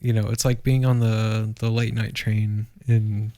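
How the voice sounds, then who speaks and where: A man's voice: fairly low pitch, flat delivery, unhurried, dark tone, no room sound. A man co-hosting a podcast in laid-back casual chat, calling his friend bud. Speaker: podcast co-host.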